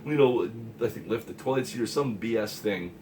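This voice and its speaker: A man's voice: on the low side, a little fast, a little mellow, close to an everyday voice. A man voicing a meek young man with an injured arm, who speaks in a pleading, helpless way. It is recorded on a distant mic with a faint hiss. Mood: lovestruck.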